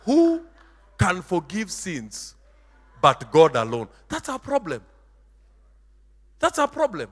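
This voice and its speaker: High, emphatic preacher in a hall. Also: male voice, big pitch swings, normal speed, long pauses. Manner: emphatic, theatrical, mixes in Swahili, shouts and sing-song. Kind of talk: sermon. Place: church hall.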